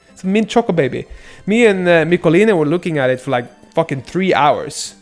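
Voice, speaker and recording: A fairly high-voiced man streams a game live, reacting loudly and swearing as he talks to his chat. Faint game music plays under his voice. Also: expressive, fairly quick, few pauses. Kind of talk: casual live-stream gameplay commentary.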